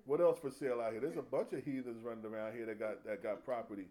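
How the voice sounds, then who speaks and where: A man's voice: medium pitch, quick pace. A man preaching a humorous, conversational sermon full of folksy slang and laughter. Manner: animated, jokey, laughs often, folksy slang.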